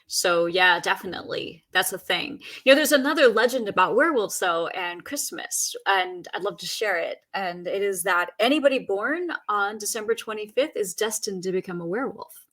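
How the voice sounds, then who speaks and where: A woman with a bright, forceful voice chats on a podcast, spinning folk legends in a loose, rambling way. She fills her sentences with ums and uhs while she tells the stories. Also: medium pitch, lively intonation, normal speed. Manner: storytelling folklore, chatty with fillers. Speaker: podcast guest. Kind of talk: casual chat.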